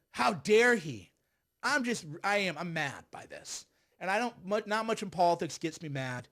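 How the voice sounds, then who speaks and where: A man riffing through a livestream of political commentary. His voice sits noticeably high, and he keeps circling back in a heated, sarcastic ramble. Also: a bit bright. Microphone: streaming setup.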